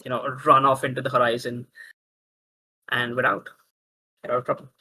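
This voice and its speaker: A man narrating as game master of a tabletop role-playing game, talking in halting bursts with many restarts. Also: mid-range voice, little pitch movement, sharp tone, husky, poor audio.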